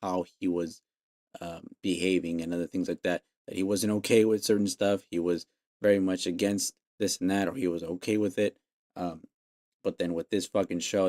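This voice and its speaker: A man's voice: deep voice, little pitch movement, moderate pace, a little mellow, no room sound, clean studio sound. A man hosting a podcast, ranting casually with lots of swearing and exasperated laughs. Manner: profane, exasperated, laughs mid-sentence. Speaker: podcast host.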